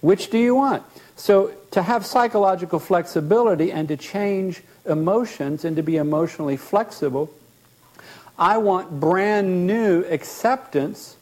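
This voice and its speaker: A man teaching as a therapist, animated, often acting out short bits of dialogue and repeating words as he explains. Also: sits high, a little slow.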